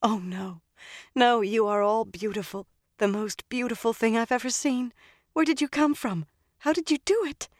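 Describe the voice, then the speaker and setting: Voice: medium pitch, normal speed, no room sound, studio quality, lightly acted. An audiobook narrator voicing a shaken young woman freed from captivity, her voice quivering, then turning bitter. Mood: shaky wonder. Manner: quivering, rising to sharp outbursts.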